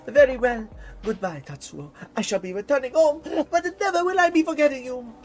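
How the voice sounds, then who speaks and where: A woman's voice: high voice, animated, fairly quick, a little mellow, faint music behind, voice pushed up, poor audio. A woman voicing a grandiose foreign pop diva who speaks broken, inverted English in a put-on French accent, with a dramatic, flowery manner. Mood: earnest.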